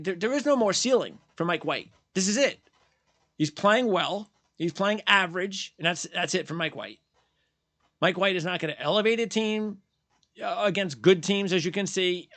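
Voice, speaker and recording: A man's voice: high voice, fairly bright tone, no room sound. A man hosting post-game sports commentary, ranting bluntly and heatedly, repeating his points and mocking fans in quoted voices. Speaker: sports channel host.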